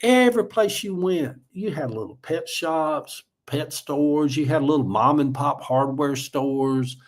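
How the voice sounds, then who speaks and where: A middle-aged man with a Georgia Southern drawl talks loosely to his viewers and wanders from story to story. His voice sits somewhat high for a man, and he reads comments aloud in an easy, folksy way. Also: a little mellow. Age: 40s or older. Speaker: livestream host. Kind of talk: casual livestream chat.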